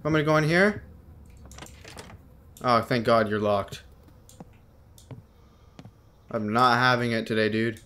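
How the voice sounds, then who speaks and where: Young guy yelling dude and bro at a scary game, jumpy, average voice. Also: medium pitch, slow, long pauses. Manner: jumpy, yelps when startled, talks back to the game; slangy, keeps saying dude and bro. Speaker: gaming video host. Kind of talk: horror game commentary.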